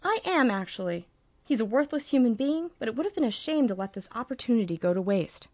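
Woman voicing a brittle, sharp-tongued young bride, higher pitch. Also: animated, a little fast, no room sound. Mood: haughty, wounded.

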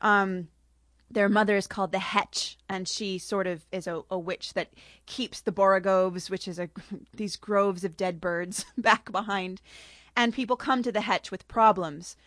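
A woman author talking casually about her story, laughing often, before reading an excerpt. She speaks at a middle pitch. Her voice is dry and close on a studio mic. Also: steady tone, a little slow, fairly bright tone, no echo. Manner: chatty with frequent laughs. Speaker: author guest.

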